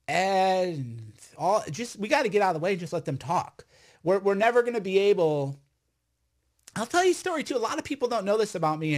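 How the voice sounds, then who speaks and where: A man, an online commentator, telling stories in a loud, rambling, emphatic monologue full of restarts. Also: high voice. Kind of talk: casual storytelling monologue.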